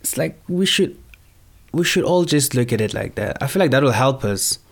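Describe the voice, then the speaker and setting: A man's voice: mid-range voice, lively intonation, quick pace. A young man from South Africa talking casually in a rambling, slangy monologue.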